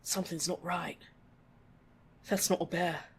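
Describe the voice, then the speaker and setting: A reader playing a tough, plain-spoken warrior woman. She speaks low and earnest, with a folksy bluntness, in a storybook reading. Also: steady tone, a little slow, breathy edge. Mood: urgent.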